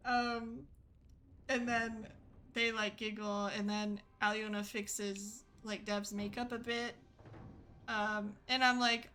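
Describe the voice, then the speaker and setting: A woman's voice: medium pitch, flat delivery, takes it slowly, pushed and bright. A woman streamer telling a rambling, chatty story with lots of fillers and giggles. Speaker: gaming streamer. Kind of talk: casual storytelling chat.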